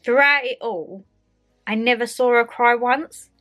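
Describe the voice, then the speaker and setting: A young woman with an Essex accent talks casually to her phone camera at home, filming it in her own hand. She tells her story in a chatty, animated way, slipping into the voices of the people in it. Faint music sits behind her. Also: a little high, unhurried. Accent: Essex English. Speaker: vlogger. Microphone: handheld phone camera.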